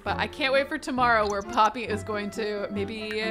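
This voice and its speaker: A young woman chatting through a life-sim game session, bubbly and quick to gush and laugh over what her characters do. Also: medium pitch, loud music behind the voice. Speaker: gaming YouTuber. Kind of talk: Sims gameplay commentary.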